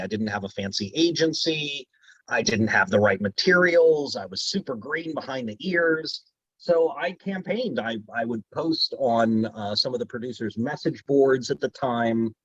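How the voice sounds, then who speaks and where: A voice actor talks enthusiastically in a casual interview, telling stories from his career. His voice is husky, with a dry, close sound. The recording is slightly dull and lo-fi. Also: medium pitch, fairly bright tone, no room sound. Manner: enthusiastic, storytelling, drops into character voices. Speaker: voice actor guest.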